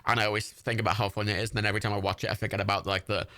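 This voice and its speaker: A man's voice: fairly low pitch, level tone, rapid-fire, sharp tone. A man, hosting a livestream and giving casual, rambling watch-party commentary. He swears freely and laughs often. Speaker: livestream host.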